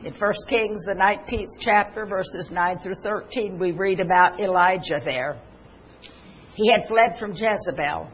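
A woman's voice: medium pitch, a little slow, slight background noise, poor audio. Earnest woman preaching a sermon. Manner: earnest, with many restarts, quoting scripture aloud. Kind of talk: televised sermon.

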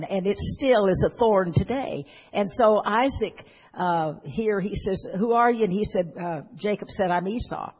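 A folksy preacher retells an old story to a congregation, stopping for asides to the listeners. The voice is a little husky, and it rings out with a long reverb in a church hall. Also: medium pitch. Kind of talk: sermon retelling a Bible story.

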